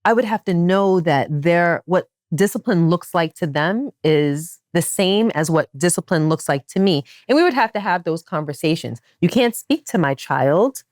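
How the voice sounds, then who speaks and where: A woman with a fairly low voice hosts a casual podcast chat, her pitch swinging widely as she presses her points. She speaks close to the mic in a dry, deadened room. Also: moderate pace, hardly any pauses, dry recording. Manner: animated and emphatic, with wide swings in pitch. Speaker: podcast host.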